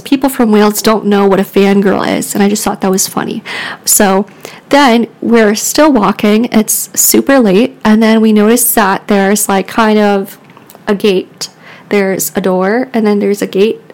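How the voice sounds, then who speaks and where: A woman telling a story on her podcast in a loose, rambling way. Her speech is full of "like" fillers, and she laughs a lot as she goes. Her voice sits in a mid pitch. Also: a little mellow, rough recording. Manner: rambling, filler-heavy with frequent "like"; giggly, laughs often. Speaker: podcast host. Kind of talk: casual storytelling.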